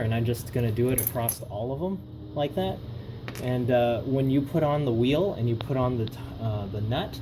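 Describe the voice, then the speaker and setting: A man's voice: mid-range voice, background noise. Rambling man narrating a car job. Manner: rambling, with frequent fillers and self-corrections. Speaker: car hobbyist filming his own work. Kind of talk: casual how-to narration.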